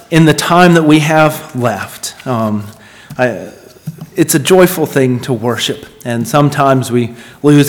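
A man preaching a sermon and reading scripture from the pulpit, with expressive, varied emphasis. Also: mid-range voice. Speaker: pastor. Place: church sanctuary. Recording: long reverb of a church hall.

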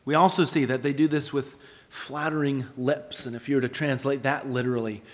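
A man preaching a sermon in an earnest, explanatory way, with lively storytelling asides. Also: medium pitch, fairly quick. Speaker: pastor. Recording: long hall reverb.

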